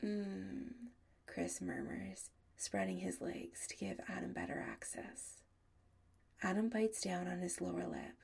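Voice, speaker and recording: A woman narrating an audiobook in a soft, often half-whispered delivery. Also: on the low side, huge pitch swings, unhurried, creaky, slightly rough.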